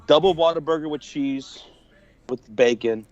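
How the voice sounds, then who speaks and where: A man calling in to a sports talk stream, friendly and relaxed as he breaks down the game. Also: a little high, a little slow, highs cut off. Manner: friendly, relaxed, says man and brother a lot. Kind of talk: casual sports analysis.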